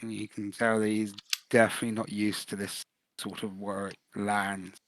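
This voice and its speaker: A man's voice: lowish voice, flat delivery, normal speed, noisy background. A man playing a tabletop game, describing his character hesitantly while searching for words. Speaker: player.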